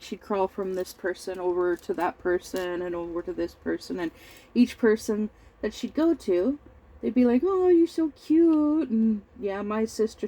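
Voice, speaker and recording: Slow, rambling tired woman. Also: fairly low pitch, a little mellow, rough recording. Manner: rambling, halting, with frequent throat-clearing and fillers. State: over-tired. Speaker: crafting vlogger. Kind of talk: casual storytelling while crafting.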